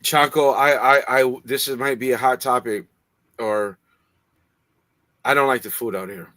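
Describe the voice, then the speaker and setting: Male co-host from California, chummy and profane, mid pitch, dry sound. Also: steady tone, measured pace, fairly bright tone, no room sound. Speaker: co-host of a comics livestream. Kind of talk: casual chat. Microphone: livestream setup.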